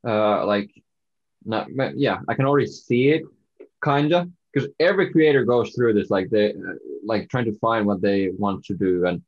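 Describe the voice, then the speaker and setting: A man's voice: lowish voice, normal speed, dull audio. A man from Finland with a Finnish accent, a guest on a podcast, chatting in a hesitant way with many restarts. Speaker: guest content creator. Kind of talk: casual podcast chat.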